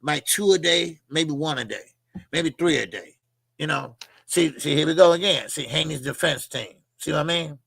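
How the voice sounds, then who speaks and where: Gravelly-voiced man rambling on a livestream. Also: fairly high pitch, normal speed, a bit bright, no echo. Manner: loose, rambling, many fillers and repeats. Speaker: livestream host. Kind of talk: casual live chat reading comments.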